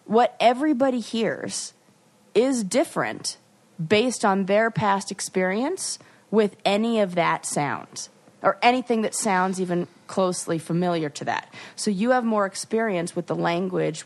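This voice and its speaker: Animated woman podcast co-host. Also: medium pitch, unhurried. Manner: animated storyteller, restarts and playful asides. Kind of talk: casual chat.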